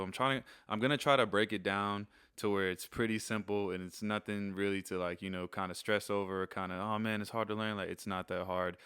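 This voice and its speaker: A young man casually explaining Spanish phrases in a rambling, relaxed way, slowing down when he repeats them. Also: low voice, clean tone, dry recording, studio quality. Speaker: host teaching Spanish phrases. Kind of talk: casual instructional video.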